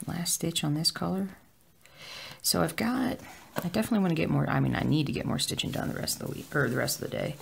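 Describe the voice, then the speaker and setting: Crafty vlogger rambling along at home, super gravelly fry, lots of ums and likes. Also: mid-range voice, lively intonation, fast talker, slight background noise. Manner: rambling, with filler words. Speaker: cross-stitch vlogger. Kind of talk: casual chat while stitching.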